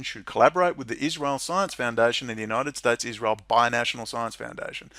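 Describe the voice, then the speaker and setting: A man's voice: medium pitch, gravelly, no echo. Middle-aged Australian male commentator, sarcastic and scornful, dry close recording. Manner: sarcastic, mocking, swings into loud incredulous laughter. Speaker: political commentator. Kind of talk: monologue reading and commenting on legislation.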